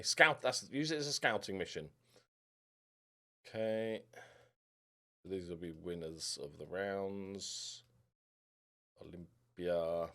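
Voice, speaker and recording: A young man commentating casually over a football management game, rambling and muttering to himself. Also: on the low side. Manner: rambling, mutters to himself, lively ups and downs. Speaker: gaming YouTuber.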